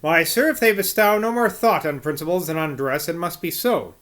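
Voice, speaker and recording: A man reading the lines of a blunt, forceful old male scholar in an audiobook, with emphatic, sardonic delivery. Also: on the high side, moderate pace, natural voice. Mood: dry.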